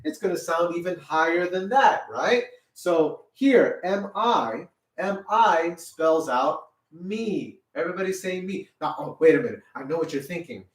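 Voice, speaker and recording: A middle-aged man teaching a children's music lesson, patiently explaining each point, checking "okay?" and singing the syllables in a high voice. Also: lively intonation, normal speed, hardly any pauses, far from the mic. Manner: sings solfege syllables in a high voice. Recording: roomy sound, a little off-mic.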